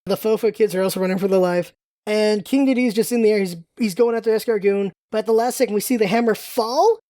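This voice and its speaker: A woman hosting a podcast, recapping a cartoon episode in casual, animated talk and quoting characters lightly. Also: medium pitch, fast, dry recording, studio quality.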